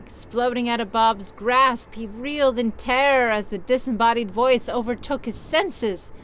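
A woman's voice: a little high, a little slow, fairly bright tone, a little hiss or hum. A young woman reading a story aloud and mocking it with sarcastic, swearing asides. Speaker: story reader.

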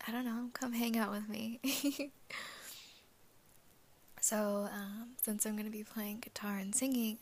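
A woman in a groggy morning voice who has just woken up, giggling often as she talks in a whispered, casual chat with listeners as an ASMR host. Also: mid-range voice. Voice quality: raspy. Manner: giggly, laughs often between phrases.

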